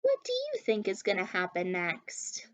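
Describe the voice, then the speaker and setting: Slow, lively storytime reader woman. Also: medium pitch. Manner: slow, expressive storybook reading. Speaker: children's librarian reading aloud. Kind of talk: children's story time reading.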